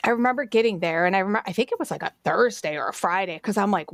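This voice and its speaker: A woman with a Cleveland accent telling her story in casual chat over a video call, blunt and quick to laugh. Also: mid-range voice, vocal fry, a bit bright, no room sound. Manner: blunt, swears freely, laughs often. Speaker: podcast guest.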